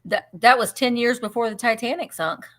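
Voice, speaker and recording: A woman's voice: on the high side, normal speed, a bit bright. A woman co-hosting a live vintage sale, making casual, friendly asides from off camera. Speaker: co-host.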